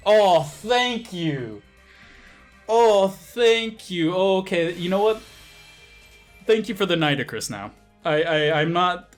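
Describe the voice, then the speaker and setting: A man commenting on his gacha rolls, getting excitable, swearing and pleading with the game. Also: a little high. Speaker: game streamer.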